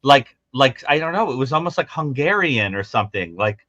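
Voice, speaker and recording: A playful man hosting a call-in show, teasing his caller with theatrical flair. His pitch swings widely and his tone is bright and sharp. The dry, lo-fi stream audio sounds dull. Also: expressive, brisk, dry recording. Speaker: psychologist co-host.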